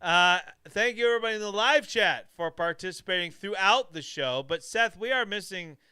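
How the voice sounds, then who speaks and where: A man's voice: sits high, lively intonation, normal speed, pushed and bright, clear, resonant tone, dry recording, clean studio sound. A man hosting a casual live-stream show, reading trivia questions in an upbeat way and laughing often. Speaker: show host.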